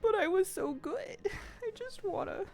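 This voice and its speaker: A woman voicing an eager young male pet dog that begs softly and whines to be friends. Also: very high-pitched, animated, a little slow, pitched above the performer's own voice, heavily acted. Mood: pleading.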